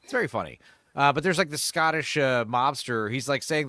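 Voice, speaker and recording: A man hosting a casual chat show, talking about films in a rambling, animated way with lots of fillers and laughs. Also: mid-range voice, fairly quick, no echo, studio quality. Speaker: host.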